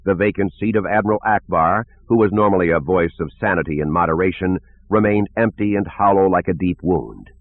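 A man narrating an audiobook in a steady, even storytelling manner. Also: low-pitched, brisk, hardly any pauses, no echo. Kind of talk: scripted narration. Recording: tinny phone-like lo-fi audio.

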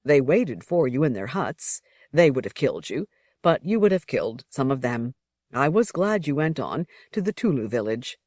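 A reader voicing a deferential male servant who acts as a guide, speaking calmly and politely. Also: medium pitch, normal speed, no room sound, clean studio sound. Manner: calm, polite, explaining.

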